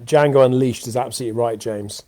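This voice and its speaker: A man's voice: mid-range voice, fast talker, dark tone, dry recording. A man in his thirties hosting an unscripted live show from home, sounding exhausted and rambling with many fillers and restarts. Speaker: host of a weekly live show. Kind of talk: unscripted live-stream chat. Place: home, indoors. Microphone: webcam or computer mic for a live video.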